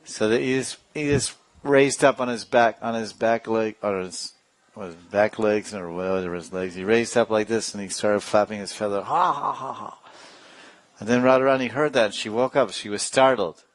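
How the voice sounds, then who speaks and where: Male spiritual teacher, low-pitched, lively storyteller, dry close mic. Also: normal speed, dry recording. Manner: animated storyteller with sound effects and asides. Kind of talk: devotional storytelling class.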